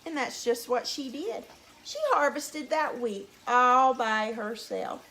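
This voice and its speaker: A teacher reading a folk tale aloud to young children, animated and drawn out. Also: female voice, a little high, slow, a little hiss or hum.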